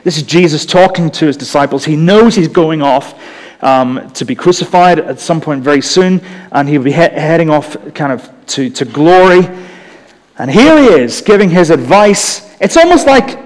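A man with a softened Northern Irish accent preaching a sermon in a conversational way, with humorous asides. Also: on the high side, animated, measured pace, big-room sound. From Northern Ireland.

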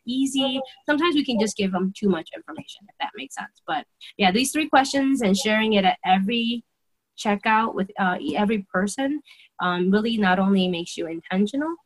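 A woman's voice: mid-range voice, rough recording. A woman talking through her sales routine step by step, acting out the phrases she uses with customers. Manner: lively, acts out her own quoted phrases. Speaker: guest sharing sales approach. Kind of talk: casual explanatory talk.

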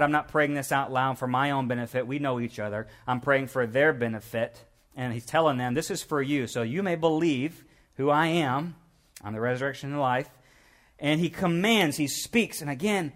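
A middle-aged man, preaching a sermon in a conversational, jokey way with animated delivery. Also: medium pitch. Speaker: pastor.

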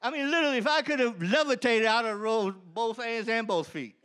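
A man telling his personal testimony to an audience, animated and often laughing mid-sentence as the story builds. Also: very high-pitched, brisk. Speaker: speaker giving a personal testimony.

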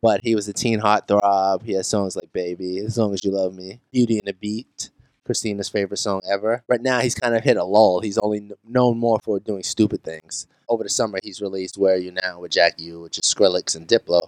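A man's voice: fairly low pitch, steady tone, fairly quick, smooth, dry recording, low-quality recording. A man in his twenties co-hosting a podcast, telling stories in a laid-back way with casual swearing. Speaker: podcast co-host. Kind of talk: casual podcast chat, storytelling.

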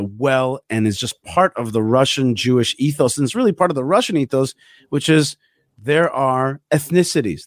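A man's voice: mid-range voice, no echo, studio quality. A man hosting an interview, often repeating words as he searches for how to phrase things. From former Soviet Union family, raised in America. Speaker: host. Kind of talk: interview conversation.

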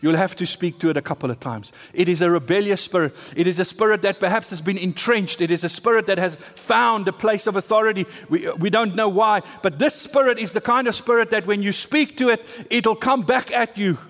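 High-voiced man preaching in a reverberant hall. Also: fairly quick, few pauses, a bit bright. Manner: preaching with emphatic repetition and rising bursts. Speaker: pastor. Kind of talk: sermon.

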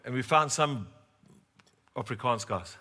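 Middle-aged male pastor; humorous storytelling sermon, bright tone, addresses the congregation directly. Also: medium pitch, animated, unhurried, slight background noise. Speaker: preacher.

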